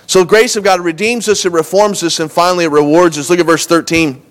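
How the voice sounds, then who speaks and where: Earnest young male preacher, slightly high voice. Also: fast. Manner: earnest, conversational preaching with frequent restarts and lively emphasis. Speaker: pastor. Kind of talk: sermon.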